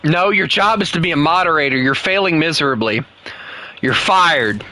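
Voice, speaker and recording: Lively Southern man teasing his co-players. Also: normal speed, slight background noise. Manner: playful teasing, bursts into high shouts. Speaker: gaming streamer. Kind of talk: casual gameplay chat with co-players.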